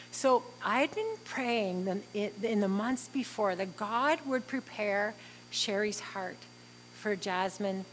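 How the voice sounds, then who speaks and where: A middle-aged woman, telling a heartfelt personal story in a halting, earnest way with frequent fillers. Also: medium pitch, a little hiss or hum, poor audio. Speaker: interviewee.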